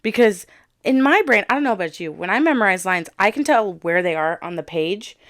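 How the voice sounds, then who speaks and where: A woman's voice: medium pitch, expressive, brisk, no echo, clean studio sound. A young woman co-hosting a podcast, chatting casually and laughing easily as she tells her stories. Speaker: podcast co-host. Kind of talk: casual chat.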